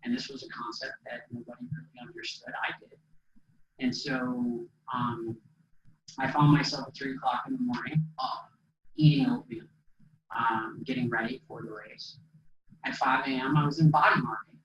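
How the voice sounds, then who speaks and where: A man from Minnesota giving an inspirational keynote speech as a motivational speaker, an animated storyteller who acts out the dialogue. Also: mid-range voice, normal speed, a little hiss or hum. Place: presentation hall. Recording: echoey hall, distant mic, dull sound.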